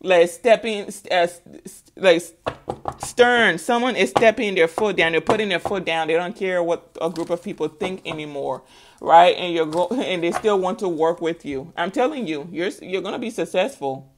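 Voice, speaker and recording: Speaking directly to her viewers, a woman offers a spiritual tarot reading with a playful, talkative manner and frequent laughter. She has a lowish voice at normal speed, with a slight hiss or hum in the audio.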